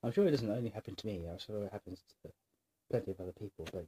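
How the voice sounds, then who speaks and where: A man with a sore throat and a nagging cough, rambling in a scattered, self-deprecating way to his camera and clearing his throat often. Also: lowish voice, very fast, mellow, slight background noise. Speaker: vlogger. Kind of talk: rambling casual monologue to camera.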